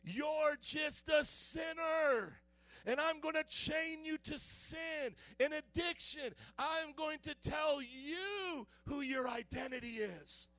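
A man voicing the devil as a menacing male figure, shouting slowly and with a raised pitch in a sermon. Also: heavily acted. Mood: taunting. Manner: shouting, slow and drawn out.

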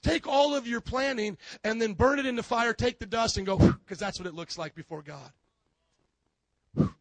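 A high-voiced male pastor preaches in an emphatic, animated way. He fires off rhetorical questions and acts out little scenes. The sound is dry and close. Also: brisk, no echo. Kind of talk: sermon.

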